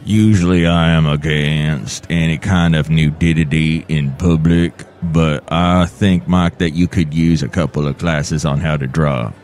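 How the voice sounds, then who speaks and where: A man voicing a grumpy, disgruntled fiddle player who talks gruffly and bluntly in a folksy way. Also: extremely low pitch, fairly even intonation, unhurried, hardly any pauses, darkish tone, faint music behind, pitched below the performer's own voice.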